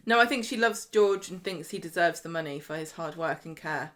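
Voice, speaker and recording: A woman with a slightly low voice co-hosts a casual chat. She teases and makes blunt, brisk remarks. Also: fairly bright tone. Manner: brisk, teasing, blunt asides. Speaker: podcast co-host. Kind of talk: casual chat reviewing a soap.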